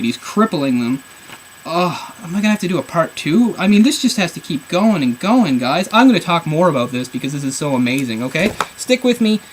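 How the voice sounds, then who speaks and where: A man's voice: on the high side, slight background noise, low-quality recording. A man reviewing a comic book on camera, rambling in an exasperated, sarcastic way. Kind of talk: casual video review.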